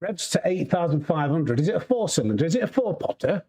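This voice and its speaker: Talking fast in a warm, very animated voice on the high side, a sim racing streamer with a Yorkshire accent rambles casually to his live chat mid-game. He's chatty and quick to laugh.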